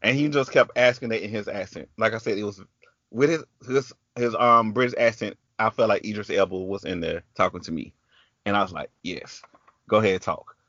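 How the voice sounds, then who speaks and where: A man's voice: lowish voice, brisk, fairly bright tone, no room sound, muffled recording. A man with a Southern US country accent hosting a podcast, telling a story in casual chat. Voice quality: chatty, storytelling with quoted voices. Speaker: podcast host.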